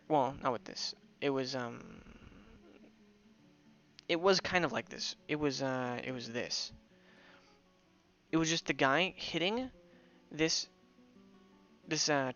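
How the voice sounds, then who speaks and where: A man's voice: fairly high pitch, takes it slowly, long pauses, pushed and bright, lo-fi sound, faint music behind. A young man chatting loosely while streaming a game, rambling with many restarts. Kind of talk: casual gameplay commentary.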